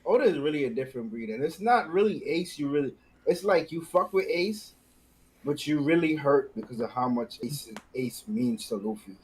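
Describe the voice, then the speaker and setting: A man's voice: fairly high pitch, expressive, normal speed, slight background noise, poor audio. A man chiming in on a podcast with blunt, profane remarks. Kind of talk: casual chat.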